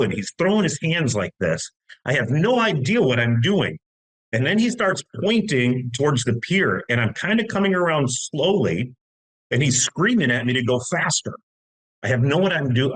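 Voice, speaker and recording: A man's voice: mid-range voice, a bit bright, poor audio. A middle-aged American man telling a long story in casual talk, long-winded with many restarts. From United States. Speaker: podcast guest.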